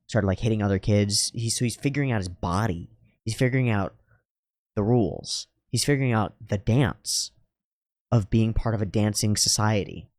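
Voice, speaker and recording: Low-voiced man rambling while high. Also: darkish tone, dry recording, clean studio sound. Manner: meandering, profane, philosophical. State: high on drugs. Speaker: YouTuber. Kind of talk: rambling monologue. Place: at home.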